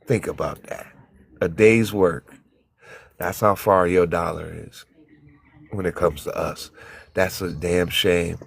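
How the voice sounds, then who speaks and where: A man's voice: low-pitched, steady tone, slow pace, gravelly, pauses often, slightly rough. A man in a heated group talk, preaching and telling stories with acted-out quotes and some cussing. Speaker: panelist. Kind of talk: impassioned group discussion.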